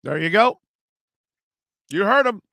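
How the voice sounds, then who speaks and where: Animated sports talk host, smooth voice. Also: male voice, high voice, slow, no room sound, studio quality. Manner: animated, laughing, rambling with restarts. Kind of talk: casual sports talk show.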